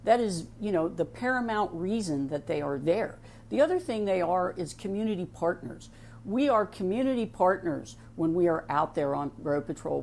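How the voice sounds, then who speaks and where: A woman's voice: on the low side, darkish tone. A middle-aged woman with an Ohio accent, speaking casually on a program, peppering her talk with "you know" asides and restarts. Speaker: sheriff's office veteran speaking on a program. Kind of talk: casual monologue with a personal story.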